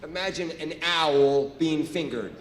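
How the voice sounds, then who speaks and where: A male stand-up comedian telling a story live on stage in an animated, loud way, with shouted bursts. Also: a little high, unhurried. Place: large venue. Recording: echoey hall, live stage.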